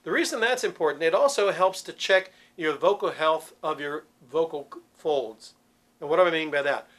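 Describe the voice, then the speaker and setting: A man teaching church cantors vocal warm-ups, explaining patiently and demonstrating sounds. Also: on the high side, normal speed. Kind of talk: instructional talk with sung demonstrations.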